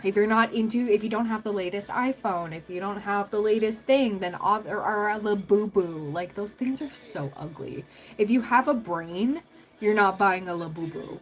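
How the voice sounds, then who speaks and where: A woman's voice: mid-range voice, moderate pace, poor audio. A young adult woman hosting a tarot livestream, chatting casually with viewers, rambling through stories and laughing often.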